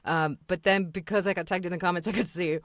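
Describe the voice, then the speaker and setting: A woman's voice: on the low side, quick pace, no room sound, studio quality. A woman voice actor chatting casually as a podcast guest, acting out quotes as she tells stories. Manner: animated storyteller who acts out quotes.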